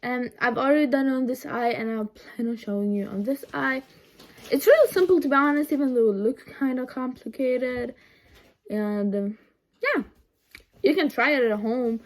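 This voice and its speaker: A young woman vlogging a casual makeup tutorial at home, rambling and chatty with lots of ums and side remarks, recorded on a phone camera set low. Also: normal speed.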